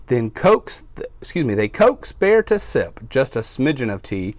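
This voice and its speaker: A man who is a firefighter reads a picture book to young children and asks them questions along the way. His pitch rises and falls in a lively storytime manner. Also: moderate pace, no echo.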